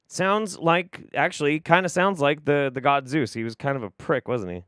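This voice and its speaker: A man hosting a comedic commentary, making sarcastic, deadpan asides. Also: a little high, moderate pace, few pauses, clean tone, no room sound. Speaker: commentary host.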